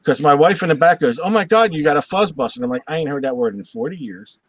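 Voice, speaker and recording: A man hosting a live show, telling a funny story in a lively, swooping voice that sits a little high. He acts out the other people's voices and laughs at his own jokes, and the sound is dry and close. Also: fast talker, no echo, rough recording. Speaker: host.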